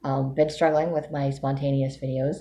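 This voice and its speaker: Low-pitched lady doing a candid self-reflective video diary, mellow tone. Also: level tone, moderate pace. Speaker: vlogger giving a weekly update. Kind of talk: casual spoken video diary.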